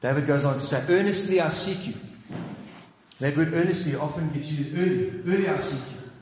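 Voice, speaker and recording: A man's voice: on the high side, brisk, a little hiss or hum. A man preaching a sermon, earnest and repeating phrases, with fervent rises when he cries out scripture. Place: church hall. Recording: echoey hall with long reverb.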